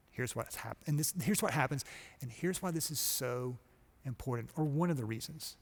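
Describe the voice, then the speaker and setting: A middle-aged man from Georgia giving a motivational conference talk, telling a story and acting out quotes with lively energy. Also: mid-range voice, vocal fry, big-room sound. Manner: storytelling, animated, acts out quotes. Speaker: conference speaker.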